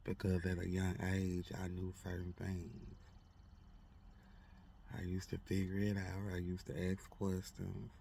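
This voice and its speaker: A man with a very low, gravelly voice tells a personal story to his followers. He speaks slowly and warmly, repeats his phrases, and turns to his listeners directly. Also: monotone, slight background noise.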